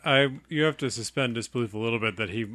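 Bright-voiced man, wry and skeptical. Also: mid-range voice, quick pace, dry recording. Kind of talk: casual movie chat.

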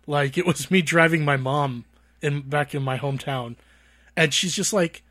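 A man co-hosting a casual podcast, telling animated stories and laughing a lot. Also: fairly high pitch, normal speed.

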